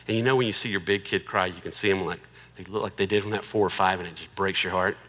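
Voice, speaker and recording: A man's voice: sits low, steady tone, fast, big-room sound. A middle-aged man giving a humorous marriage talk in a joking, conversational way. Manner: joking, conversational, warmly persuasive. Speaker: marriage speaker.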